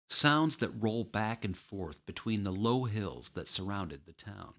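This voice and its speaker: Low-voiced male audiobook narrator. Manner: measured, steady storytelling.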